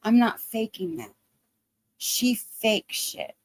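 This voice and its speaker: A woman's voice: fairly high pitch, slow. Blunt Southern Ohio woman streamer. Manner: blunt, profane, ranting. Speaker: drama commentary streamer. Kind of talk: livestream commentary.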